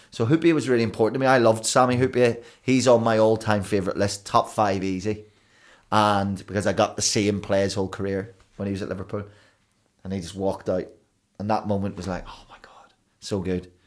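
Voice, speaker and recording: A man, a broadcaster and DJ guest telling rambling, animated stories in a casual podcast chat. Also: low-pitched. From Belfast, Northern Ireland. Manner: rambling, animated storytelling with restarts.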